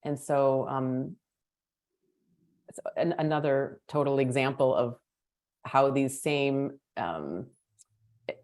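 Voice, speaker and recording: A woman's voice: extremely low pitch, slow pace, long pauses, a little mellow. A woman hosting a podcast, speaking in a thoughtful, reflective way. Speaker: podcast host. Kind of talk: podcast conversation.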